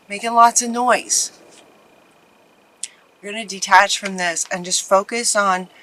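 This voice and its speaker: A woman giving a casual tarot reading to her viewers, gentle and encouraging, often repeating her phrases. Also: medium pitch, poor audio. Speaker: tarot reader.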